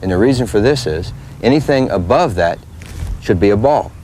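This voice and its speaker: A man's voice: lowish voice, expressive, normal speed, darkish tone. A man coaching children on a baseball field, giving plain, repetitive instructions. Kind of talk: outdoor coaching demonstration. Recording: faint background noise from a 1980s tape.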